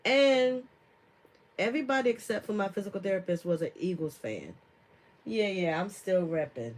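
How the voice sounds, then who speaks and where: A woman's voice: mid-range voice, expressive, normal speed, low-quality recording. A woman herbalist hosts a casual live stream in a mid-range voice. She talks loosely, with plenty of fillers. She keeps breaking off to read and answer viewer comments. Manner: chatty, laughs often, many fillers; reads viewer comments aloud and answers them.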